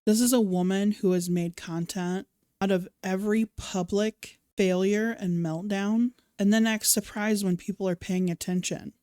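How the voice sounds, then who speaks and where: A woman's voice: medium pitch, steady tone, normal speed, mellow, smooth, no echo, studio quality. A woman host reading scripted commentary in a sarcastic, sassy manner.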